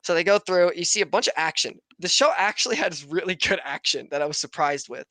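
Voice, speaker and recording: A man's voice: on the high side, fast, pushed and bright, dry recording. A man hosting a podcast, casually recapping an anime episode with lots of swearing and laughter. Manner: profane, laughs often, loose rambling retelling. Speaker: podcast host.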